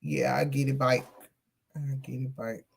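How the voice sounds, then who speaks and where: A woman's voice: extremely low pitch, steady tone, measured pace, vocal fry, slightly rough. A woman hosting a livestream, chatting casually and bluntly with viewers and swearing freely. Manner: blunt and profane, talks straight to chat. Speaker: livestream host.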